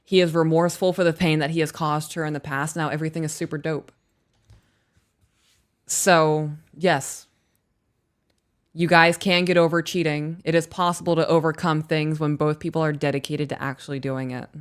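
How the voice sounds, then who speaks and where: Woman host reading emails on a live stream, low smooth voice, blunt and sweary. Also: flat delivery, normal speed. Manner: blunt, frank, swears casually.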